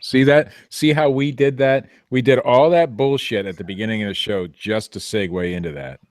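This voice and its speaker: A man's voice: mid-range voice, fairly even intonation, normal speed, dry recording, clean studio sound. A man hosting a podcast, joking and rambling with restarts in casual banter. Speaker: podcast host.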